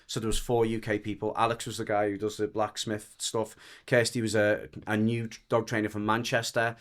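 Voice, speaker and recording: Telling a story loosely in casual chat, a Merseyside-accented podcast guest, a dog trainer from the Wirral, uses a voice that sits a little low. His delivery is completely flat at a moderate pace, and he wanders, restarts his sentences, and swears freely.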